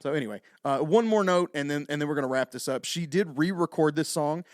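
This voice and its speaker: A man's voice: on the high side, fast, a little mellow, no echo, studio quality. A man co-hosting a music podcast in casual chat, rambling and hesitant, with many fillers. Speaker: podcast co-host.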